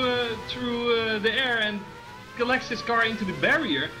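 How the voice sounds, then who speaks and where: Hesitant high-voiced male co-commentator. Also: moderate pace, over music, rough recording. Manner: hesitant, many fillers and restarts, laughs easily. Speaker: sim racing co-commentator. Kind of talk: live race commentary.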